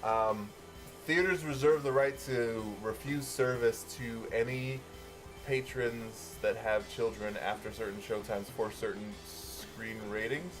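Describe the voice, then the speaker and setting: A man co-hosting a casual movie review podcast, relaxed and full of fillers, swearing freely. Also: medium pitch, unhurried, music in the background. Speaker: podcast co-host.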